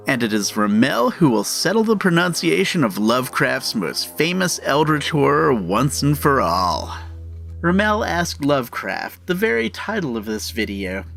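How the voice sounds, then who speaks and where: Lively man narrating an explainer. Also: mid-range voice. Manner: instructive, deliberate. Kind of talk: scripted narration.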